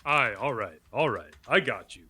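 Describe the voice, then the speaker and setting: Brief: synthetic male voice playing a swaggering gay guy, cursing, swinging widely in pitch. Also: animated, moderate pace, pushed and bright, slightly rough, heavily acted. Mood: chummy. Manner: brash, swearing, streetwise. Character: brash, foul-mouthed Italian-American gay man. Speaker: AI voice assistant.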